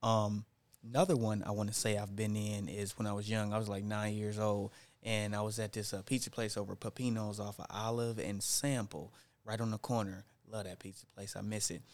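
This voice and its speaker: In a group chat, a man with a lowish, slightly quick voice tells a story casually. His talk is animated and full of slang, and he acts out what people said.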